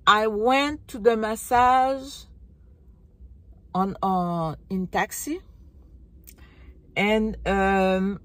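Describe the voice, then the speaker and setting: Slow, halting woman telling her story. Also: mid-range voice. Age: middle-aged. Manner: halting, searching for words, many restarts. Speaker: vlogger. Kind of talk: personal recovery vlog.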